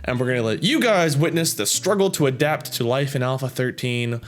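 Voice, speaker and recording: A man's voice: mid-range voice, lively intonation, brisk. Chatty man reading viewer comments. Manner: chatty, rambling, self-amused. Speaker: YouTube gaming channel host.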